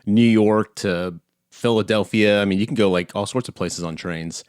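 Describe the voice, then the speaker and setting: Opinionated low-voiced man chatting. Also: normal speed, a little mellow, no room sound, clean studio sound. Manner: opinionated, swears, teasing. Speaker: podcast co-host. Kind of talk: casual chat.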